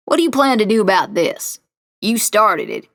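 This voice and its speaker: A woman's voice: medium pitch, huge pitch swings, moderate pace, creaky, fairly bright tone, full character voice. A woman voicing an affable businessman who turns threatening, in a one-reader audio drama. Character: affable businessman turned menacing.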